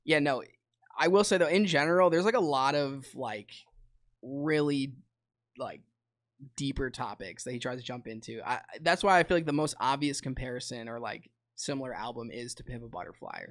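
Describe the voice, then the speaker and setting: A man co-hosting a casual music podcast, his speech loose and rambling with frequent fillers and restarts. His voice sits at an ordinary middle pitch. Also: normal speed, a bit bright. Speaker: podcast co-host. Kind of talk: casual chat about music.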